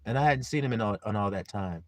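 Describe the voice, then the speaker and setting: A man preaching a sermon, reading scripture loudly and turning quiet for personal stories, often asking his listeners if they see. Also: on the low side, quick pace, no echo. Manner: casual, blunt preaching with mild swearing.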